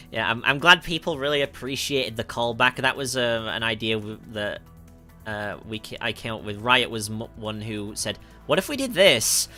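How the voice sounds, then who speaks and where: A man's voice: mid-range voice, steady tone, normal speed, sharp tone. A man from the north of England with a Northern English accent, chatting through a livestream Q&A as a music producer, laughing often and correcting himself with lots of ums. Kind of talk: livestream Q&A, reading chat questions.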